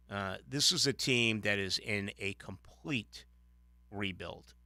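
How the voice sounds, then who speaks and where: With a mid-range voice on a dry recording, a man runs a sports talk radio show, animated and full of opinions, though his delivery halts and restarts frequently.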